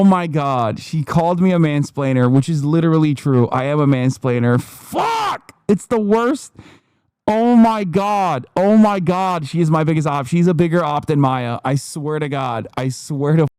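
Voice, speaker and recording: A man commenting casually on a live stream, animated and swearing, sometimes bursting into shouts. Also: a little high, smooth, no room sound, clean studio sound. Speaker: streamer reacting to a debate.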